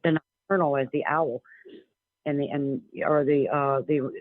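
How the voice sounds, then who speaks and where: A man's voice: fairly high pitch, steady tone, normal speed, dry recording. A man calling in to a radio show, telling a long personal story in an earnest, rambling way with many restarts. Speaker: caller. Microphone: telephone. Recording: tinny phone line.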